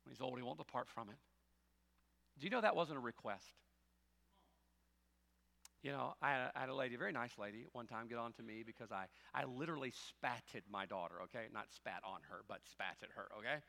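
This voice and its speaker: A middle-aged man preaching a sermon as pastor, shifting between loud, driving preaching and quiet, joking asides. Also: medium pitch, a little fast, creaky, big-room sound. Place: church sanctuary.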